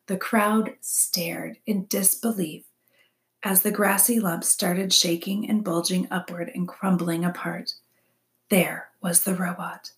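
A woman teacher reading a children's novel aloud to her class, with expressive, often hushed narration. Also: on the low side, slow. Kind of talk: read-aloud storytelling.

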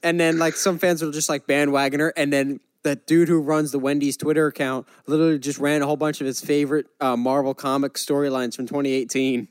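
A man co-hosting a casual chat show, animated and joking with quick asides. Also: a little high, clear, resonant tone, no room sound. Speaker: podcast co-host.

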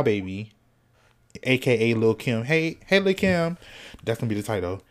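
A man hosting a solo podcast in casual chat, sassy and animated, cussing freely and snacking as he talks. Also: mid-range voice, normal speed. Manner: snacking while talking. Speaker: podcast host.

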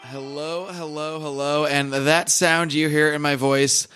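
A man hosting a podcast, talking casually with a slightly hoarse, rough voice. He chats loosely and promotes the show between stories. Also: on the high side, level tone, measured pace, over music. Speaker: podcast host.

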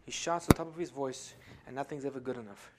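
A man from Africa preaching a sermon as pastor. He swings between loud exhortation and quiet asides and keeps saying amen and glory to God. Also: medium pitch, fast talker, very noisy.

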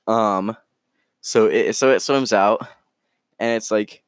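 A man hosting a podcast, chatting casually and telling an improvised story in a rambling, joking, halting way. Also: lowish voice, smooth, no room sound, studio quality. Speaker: podcast host.

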